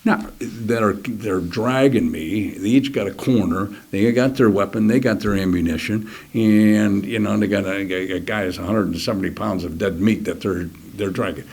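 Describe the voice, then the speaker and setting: An older man telling a personal war story in an interview, halting and restarting, sometimes dropping to a near whisper. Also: on the low side, gravelly, a little mellow, husky. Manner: halting, many restarts, drops to a near whisper at key moments; acts out other soldiers' words in quick quoted voices. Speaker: interview guest.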